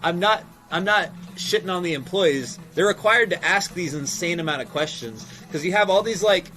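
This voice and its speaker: A man's voice: high-pitched, normal speed, bright, forceful tone. A man who owns a shop, chatting casually on a livestream and reading viewer comments, rambling with lots of fillers and swearing freely. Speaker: game and toy shop owner streaming live.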